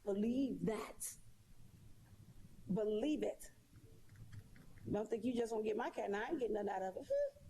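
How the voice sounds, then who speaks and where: A woman's voice: mid-range voice, normal speed, pauses often, dark tone, slight background noise. A woman talking straight to her viewers in a casual monologue, sassy and emphatic, repeating her points. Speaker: live streamer.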